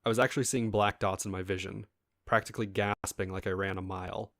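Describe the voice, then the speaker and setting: Man, fairly low voice, casual story reading, asides to listeners, dry close sound. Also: fairly even intonation, fast talker, a bit bright, no room sound. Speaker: story reader. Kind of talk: reading a first-person internet story aloud.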